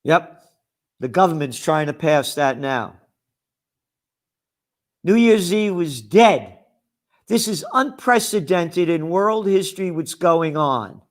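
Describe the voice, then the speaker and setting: New guy ranting, sarcastic and mocking, kinda high voice, takes his time. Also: animated, takes it slowly, pauses often. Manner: combative, sarcastic, mocking asides. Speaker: trends forecaster and publisher. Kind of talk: ranting promo monologue.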